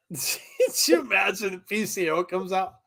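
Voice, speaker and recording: A man hosting a live wrestling watch-along, chatting casually, laughing often and breaking into excited shouts. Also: high-pitched, unhurried, vocal fry. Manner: chatty, laughs often, reads viewer comments. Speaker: host.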